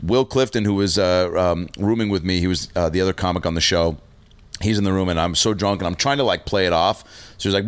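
A man with a fairly low voice tells a rowdy road story in easygoing podcast chat. He swears freely and jumps into loud, high impressions of the people he quotes. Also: quick pace, clear, resonant tone. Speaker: stand-up comedian.

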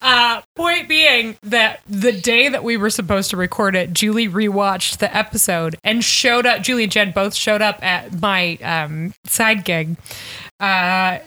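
Bright-voiced woman, joking and profane. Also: mid-range voice, measured pace. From Irish heritage. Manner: profane, joking, laughs often. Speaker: podcast co-host. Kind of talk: casual chat.

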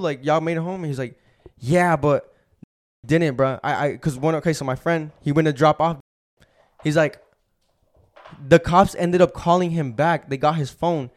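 A young man hosting a podcast, telling a story in casual, profane street slang. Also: fairly high pitch. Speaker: podcast host.

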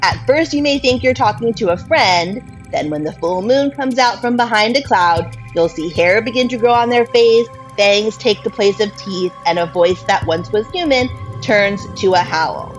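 A woman voicing a teenage boy telling a spooky campfire legend with ominous, dramatic pauses. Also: mid-range voice, lively intonation, soft background music, natural voice, low-quality recording.

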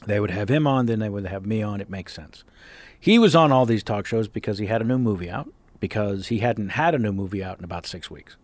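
A man's voice: fairly low pitch, brisk, dry recording. A man, a comedian and impressionist, telling stories as a guest in a casual interview on a studio mic. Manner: storytelling, animated, laughs often. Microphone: studio mic with headphones.

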